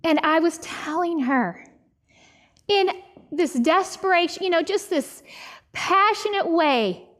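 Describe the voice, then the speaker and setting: High-voiced woman preaching slowly, pleading. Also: animated. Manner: passionate, pleading, slow emphatic delivery. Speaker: Bible teacher. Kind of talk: sermon.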